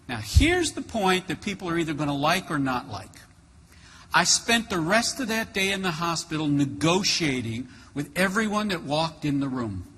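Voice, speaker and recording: A man giving a motivational keynote, telling a story in an animated, punchy way. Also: a little high, normal speed. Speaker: motivational speaker. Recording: hall reverb, faint noise.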